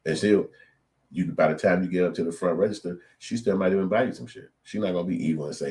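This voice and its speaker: Deep and darkish in tone, the host's voice moves at a quick pace as he talks straight to his audience. It's a casual monologue of opinion, delivered as a blunt, profane, preachy rant with quotes acted out.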